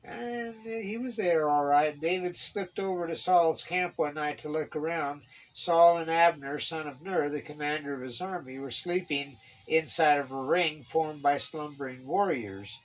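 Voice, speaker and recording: Man reading a Bible story, lively asides. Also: moderate pace, low-quality recording. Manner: voices the characters with rising pitch, adds wry comments. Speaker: kids' Bible class teacher. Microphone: online stream mic.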